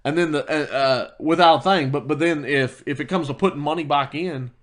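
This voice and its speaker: Brisk and fairly high-pitched, with a bit of brightness, a podcast co-host tells a heated story in casual chat. He quotes himself heatedly and restarts many times.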